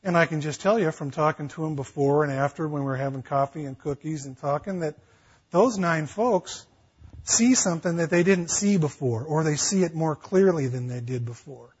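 A man's voice: on the high side, moderate pace, husky, muffled recording. A man preaching a sermon as pastor, acting out a dialogue between God and Paul with emphatic build-ups.

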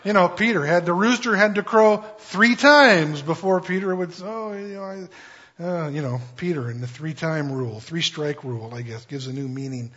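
A man's voice: a little high, moderate pace, a bit bright, slightly rough. A man preaching a conversational Bible-teaching sermon in a casual, humorous way, with lots of fillers. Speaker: pastor. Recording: dull lo-fi recording.

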